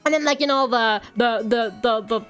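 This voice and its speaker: A woman with a high, bright voice chats as a streamer while playing a game. She tells stories in an animated way and swears often. Faint game music plays underneath. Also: normal speed. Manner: animated storytelling, swears freely. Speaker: VTuber streamer. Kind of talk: casual chat while gaming.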